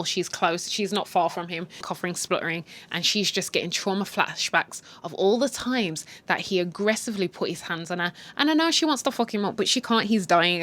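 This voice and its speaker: A woman recapping a TV series in a blunt, animated way, swearing freely. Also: fairly low pitch. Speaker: channel host recapping a TV series. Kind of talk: casual story recap.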